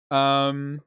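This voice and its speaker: A man chatting away on a live stream as he paints, with a lively, swooping delivery. He rambles and jokes through loose, casual banter. His voice sits close and dry, with no room sound. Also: medium pitch, smooth, no room sound. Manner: rambling, jokey banter with chat. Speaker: livestreamer.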